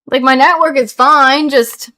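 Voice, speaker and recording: A woman's voice: high-pitched, unhurried, sharp tone. A young woman streaming a game, talking straight to her chat and exclaiming aloud at what goes wrong. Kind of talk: casual live-stream gameplay chat.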